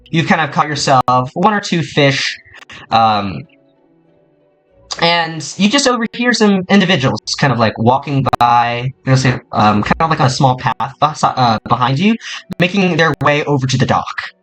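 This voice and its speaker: A man's voice: mid-range voice, sing-song, normal speed, fairly bright tone, faint music behind. A young man narrating a tabletop game as game master, rambling with lots of fillers.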